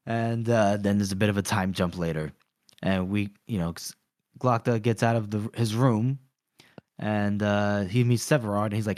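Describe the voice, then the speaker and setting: A man's voice: lowish voice, fairly even intonation, moderate pace, a little mellow, dry recording, clean studio sound. Man recapping a book on a podcast. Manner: retells scenes, acting out lines. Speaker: podcast co-host. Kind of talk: casual book discussion.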